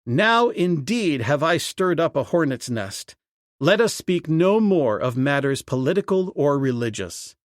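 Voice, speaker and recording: A man's voice: fairly high pitch, sing-song, unhurried, no room sound, clean studio sound. A male audiobook narrator voicing a commanding jungle hero who keeps the peace, firm in manner.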